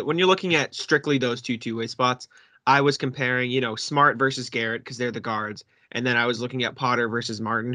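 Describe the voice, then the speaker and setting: A man co-hosting a basketball podcast, eagerly asking questions and stumbling over quick restarts. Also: mid-range voice, pushed and bright, no room sound. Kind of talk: casual sports discussion.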